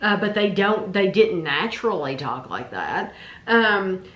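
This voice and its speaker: A woman's voice: mid-range voice, very animated, a little slow, fairly bright tone, reverberant, muffled recording. A middle-aged woman with a Kentucky accent, co-hosting a casual vlog chat, rambling with restarts. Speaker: vlog co-host.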